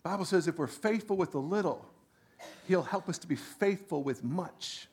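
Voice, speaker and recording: A male pastor delivering a sermon in a high, lively voice. He swings between loud, emphatic lines and quiet asides, and often restarts his sentences. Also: moderate pace, slightly rough.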